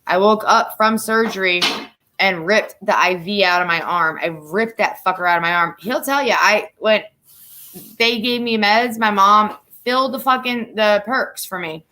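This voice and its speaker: A woman's voice: mid-range voice, moderate pace, bright, forceful tone. A woman from Florida hosting a casual chat, talking bluntly and swearing a lot. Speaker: host.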